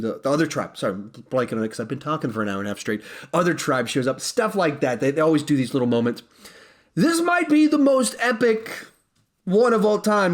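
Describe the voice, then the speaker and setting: Excited man rambling through a movie review. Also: fairly high pitch. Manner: excited, rambling with fillers and restarts. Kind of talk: casual spoken film review.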